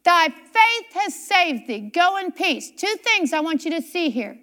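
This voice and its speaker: A woman preaches a sermon in a very high, bright voice that rises and falls a great deal. She takes her time, reading scripture slowly and repeating key phrases for emphasis. She often puts questions straight to her listeners. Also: sing-song. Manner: questions the congregation directly.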